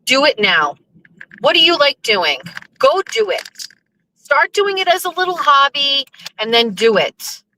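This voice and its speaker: A woman in her fifties chatting casually from a moving vehicle, excitable and laughing, swearing freely. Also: high voice, measured pace, rough recording. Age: 50s. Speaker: vlogger. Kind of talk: casual chat. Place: riding in a vehicle.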